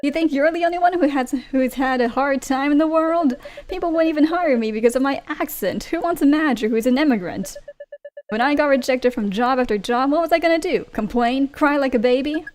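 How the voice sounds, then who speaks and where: Brief: woman doing a strict immigrant dad, loud, scolding, raised pitch, lecturing his kids. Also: brisk, soft background music, lightly acted.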